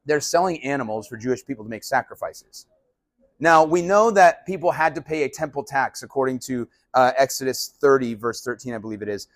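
A male pastor giving a casual, animated sermon. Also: mid-range voice, brisk, no echo, clean studio sound. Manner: animated, conversational preaching.

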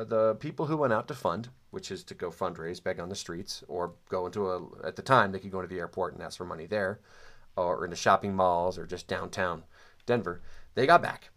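Low-voiced man, halting and wry. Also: fairly bright tone. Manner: hesitant, many ums and restarts; dry, wry asides. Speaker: storyteller. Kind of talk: casual spoken recollection of childhood.

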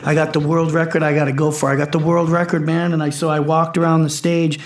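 A man's voice: fairly high pitch, level tone, fast talker, reverberant. A man in his forties, a powerlifter and coach, talking intensely in casual chat, swearing and acting out his own quotes. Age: 40s.

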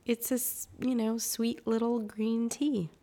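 Raspy-voiced woman podcast co-host. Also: fairly high pitch, little pitch movement, a little slow, mellow. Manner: laughs often, chatty. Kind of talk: casual chat.

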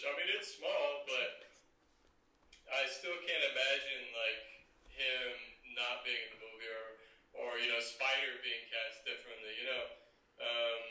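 A man's voice: mid-range voice, sharp tone. A man in a casual podcast chat about a film, rambling with lots of filler words. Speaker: podcast co-host. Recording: distant mic in an echoey room.

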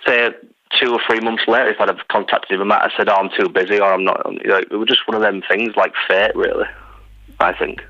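An English writer, a man, appears as a guest in a casual interview, rambling, interrupting himself, and restarting as he tells stories. His fairly low voice is pushed and bright, with fairly even intonation and a fairly quick pace. The recording is dry and its highs are cut off.

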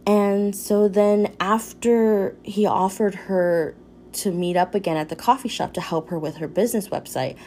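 A young woman casually recapping a romance novel for viewers, candid and animated, swearing freely, her pitch leaping up when she reacts. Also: a little slow, slight background noise. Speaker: book reviewer. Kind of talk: casual book recap chat.

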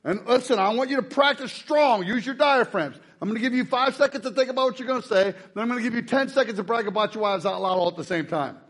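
Man, very high voice, pastor, joking, energetic sermon. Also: fast, hardly any pauses. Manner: joking, energetic, shouts to rouse the crowd. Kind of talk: lively sermon to a congregation.

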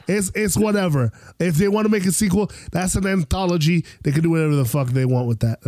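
A man co-hosting a casual podcast chat, animated and jokey, acting out scenes as he talks. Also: high voice, fast talker, few pauses, dry recording, studio quality. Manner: animated, jokey, acts out scenes in silly voices. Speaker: podcast co-host.

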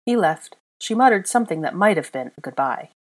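A woman reads fan fiction aloud in an unedited home recording, narrating quickly in a lowish, sing-song voice. She shifts her delivery slightly for each character's dialogue.

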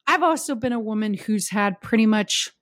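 A woman's voice: on the high side, animated, normal speed, dry recording, clean studio sound. A woman speaking frankly in a casual podcast chat, with laughs and restarts.

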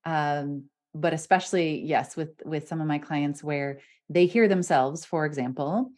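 A woman's voice: low voice, a little slow, a little mellow. A woman hosting a podcast as a voice coach, talking animatedly and laughing often between points. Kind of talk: casual podcast conversation.

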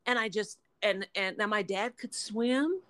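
A woman's voice: mid-range voice, measured pace, a bit bright, dry recording. A woman co-hosting a podcast in casual chat, self-deprecating and laughing often. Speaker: podcast co-host.

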